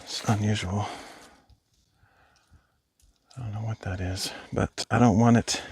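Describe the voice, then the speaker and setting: A man's voice: fairly low pitch, steady tone, brisk, noisy background. Rambling man streaming on a hike. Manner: rambling, thinking aloud, replies to chat. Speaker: hiking live streamer. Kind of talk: casual chat with live chat while hiking. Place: outdoors on a hiking trail. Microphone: phone.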